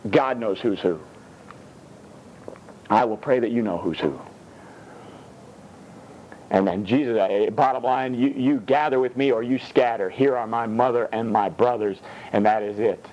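A man's voice: medium pitch, unhurried, pauses often, darkish tone, lo-fi sound, a little hiss or hum. A man preaching a sermon, emphatic and blunt, with mocking asides.

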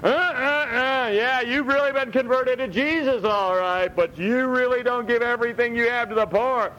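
A man's voice: fairly even intonation, moderate pace, pushed and bright. A man voicing Satan as a sly male accuser, mocking and drawn out, on a dull lo-fi recording. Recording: dull lo-fi with faint rumble.

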